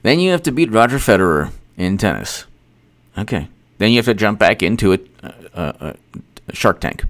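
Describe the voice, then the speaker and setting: A man hosting casual political commentary, rambling and repeating himself, with animated asides. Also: fairly low pitch, moderate pace.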